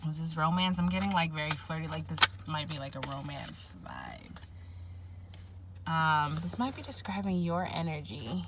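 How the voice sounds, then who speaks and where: A woman's voice: low voice, very animated, normal speed, noisy background. A woman giving a casual spoken tarot reading, rambling and giggly, full of fillers. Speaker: tarot reader.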